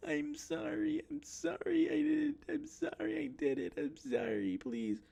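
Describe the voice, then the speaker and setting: A frantic young woman cries and begs in a shrill, strained voice, repeating the same plea again and again. A man acts her out in a high falsetto. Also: very animated, a little slow, gravelly, warm tone, exaggerated voice. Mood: sobbing pleading. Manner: high wailing pleading, repeats herself. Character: sobbing desperate young woman begging partner.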